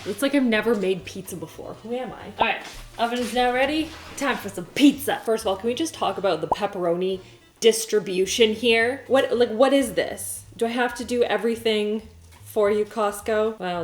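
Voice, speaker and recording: Brief: pregnant young woman, casual cooking vlog, chatty and self-mocking, mid pitch, kitchen camera. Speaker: cooking vlogger. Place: home kitchen. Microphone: camera on a stand.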